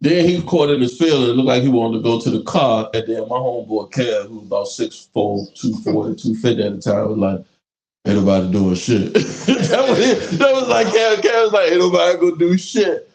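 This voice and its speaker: A man's voice: mid-range voice, brisk, hardly any pauses. A man hosting a live podcast, telling stories in casual, profane slang. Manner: animated storytelling, profane slang. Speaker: podcast host. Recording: echoey room with faint noise.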